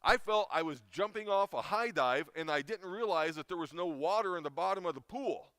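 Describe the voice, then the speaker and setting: A man's voice: high voice, animated, fairly quick, fairly bright tone, clean tone, dry recording, clean studio sound. Emotional middle-aged man telling a story. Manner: emotional storyteller with many restarts. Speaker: chapel speaker. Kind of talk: informal chapel talk.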